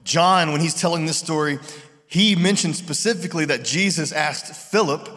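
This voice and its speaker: A man preaching a sermon in a relaxed, conversational way, acting out voices in his retellings. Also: on the high side, normal speed. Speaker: pastor. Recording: long reverb of a large hall.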